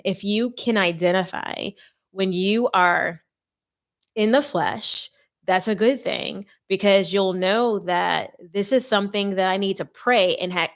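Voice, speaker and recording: A woman host talking earnestly and conversationally about faith and marriage preparation, with playful asides. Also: fairly low pitch. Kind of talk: faith-based marriage advice talk.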